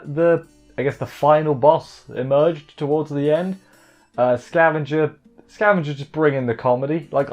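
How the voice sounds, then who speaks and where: A man's voice: on the high side, a little mellow, highs cut off. Chatty man recapping an anime, jokey. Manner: chatty, jokey, rambling with quick asides. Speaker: anime reviewer. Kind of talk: casual spoken recap.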